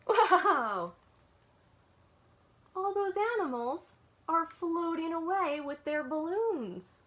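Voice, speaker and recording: A woman's voice: extremely high pitch, lively intonation, a little slow. A woman working as a children's librarian, reading picture books aloud to young listeners in a sing-song way and often stopping to ask them questions.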